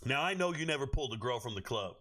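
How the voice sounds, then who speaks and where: A man hosting a livestream, reading chat aloud and riffing on each pick with loud, profane joking. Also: mid-range voice. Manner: quick, animated jumps between chat and draft picks. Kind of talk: casual livestream commentary.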